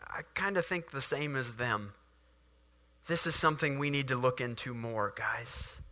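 A preacher voicing Nicodemus, a quiet, cautious elder. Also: male voice, a little high, unhurried. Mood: hesitant. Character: cautious male elder, thoughtful, hesitant.

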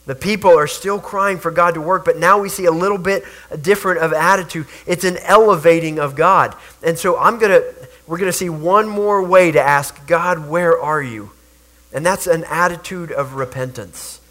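A man's voice: sits high, normal speed, bright, forceful tone. A man preaching a sermon, earnest, with rhetorical questions and repeated words. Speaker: pastor.

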